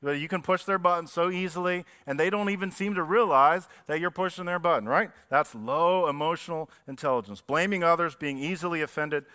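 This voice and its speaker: A man's voice: on the high side, fairly quick, few pauses, bright, forceful tone, clear, resonant tone. A man preaching a sermon as pastor, talking conversationally and asking the congregation questions. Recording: long reverb of a church hall.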